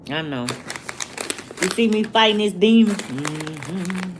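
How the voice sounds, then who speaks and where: A woman, talking to her livestream viewers in a slow, preachy way and asking the same rhetorical questions over and over. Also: on the low side, lively intonation, background noise. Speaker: vlogger. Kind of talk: casual livestream rant.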